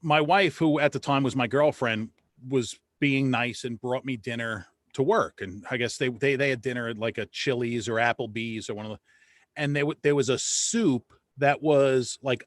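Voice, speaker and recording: A man's voice: medium pitch, normal speed, a bit bright, no room sound, clean studio sound. A man hosting a casual talk show, blunt and profane, often restarting his words. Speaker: podcast host. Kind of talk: casual chat.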